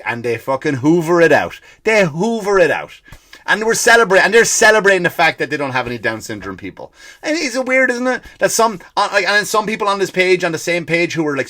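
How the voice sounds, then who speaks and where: A man's voice: on the high side, a bit bright. A man hosting a comedy podcast, ranting in a profane, sarcastic monologue.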